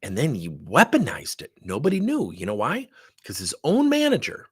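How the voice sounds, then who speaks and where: Husky middle-aged guy, sales trainer, blunt and punchy, voice jumps all over. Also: medium pitch, normal speed, dry recording, studio quality. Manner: animated, blunt, emphatic storyteller. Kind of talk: storytelling workshop webinar.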